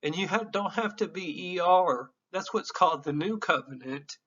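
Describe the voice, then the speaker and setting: Man in his 50s, psychology lecture, bright forceful voice, a bit higher pitched, dull lo-fi recording. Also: animated, normal speed. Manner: candid, emotional, profane, laughs often. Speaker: psychology teacher. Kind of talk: informal classroom lecture.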